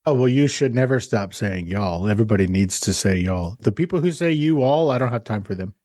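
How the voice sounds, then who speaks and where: A man's voice: lowish voice, lively intonation, brisk, mellow, no echo, studio quality. A man hosting a podcast interview, chatting in an upbeat, jokey way and laughing often. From American South. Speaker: podcast host. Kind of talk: podcast interview, casual chat.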